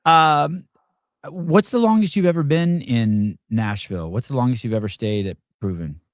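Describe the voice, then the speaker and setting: A man hosting a casual interview, asking questions in a halting way with frequent restarts and "um"s. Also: mid-range voice. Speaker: podcast host.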